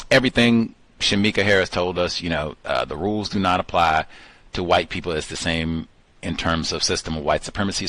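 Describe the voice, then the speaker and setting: A man's voice: low voice, fairly bright tone, dry recording. A man hosting a call-in study session, reading passages aloud and breaking off into sardonic asides. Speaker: host.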